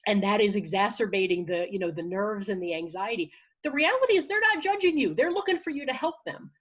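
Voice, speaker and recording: A woman coach speaks in an upbeat, encouraging flow, often restarting her sentences as she explains. Her voice is a little husky. The sound is dull and lo-fi, like audio from a video call. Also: mid-range voice, a little fast. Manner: energetic, encouraging, with frequent restarts. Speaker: confidence and public speaking coach. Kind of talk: conversational interview answer.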